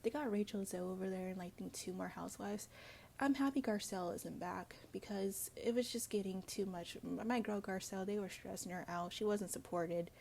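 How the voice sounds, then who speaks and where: Gravelly-voiced woman dishing gossip. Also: medium pitch, normal speed, darkish tone, a little hiss or hum. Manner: blunt, gossipy, swears freely; chatty with frequent fillers and asides. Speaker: reality TV commentary host. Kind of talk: casual solo commentary to viewers.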